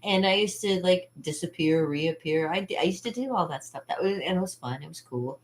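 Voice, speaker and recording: A woman's voice: fairly low pitch, brisk. A woman hosting her own channel in a casual vlog, talking in a rambling, chatty way with frequent laughter. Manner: rambling and chatty, laughs often, acts out quotes. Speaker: channel host.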